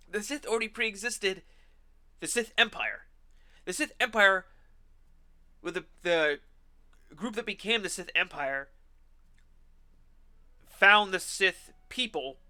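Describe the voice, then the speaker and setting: Man, streamer, high voice, piercing bright tone, sarcastic ranting, swears. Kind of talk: ranting commentary while gaming.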